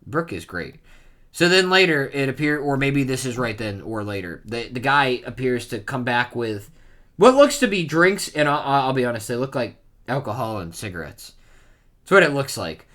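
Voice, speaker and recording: A man streaming his reaction to a manga chapter in a casual, chatty way. He rambles and leans on fillers like "like" and "you know." His voice is bright and sits at a mid pitch. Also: sing-song, normal speed.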